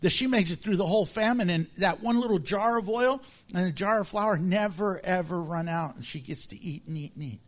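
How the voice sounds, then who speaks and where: A man with a notably high voice preaching in a lively, humorous way. He acts out the people in his stories, swinging his voice up and down, and laughs often. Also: brisk. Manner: animated, acts out voices with big pitch swings. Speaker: pastor. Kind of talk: sermon.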